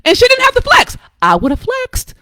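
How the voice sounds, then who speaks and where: A woman's voice: extremely high pitch, expressive, fairly quick, bright, forceful tone, dry recording, clean studio sound. A woman from the United States giving motivational advice to other women in a blunt, emphatic way, cursing freely, often restarting words and checking in with "okay?" and "right?". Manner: many restarts and repeated words. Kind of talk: motivational talk to camera.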